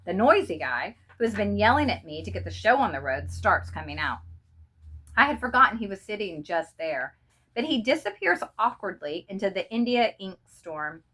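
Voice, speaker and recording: A woman reading a short story aloud in an expressive, dramatic way. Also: mid-range voice, moderate pace. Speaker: reader.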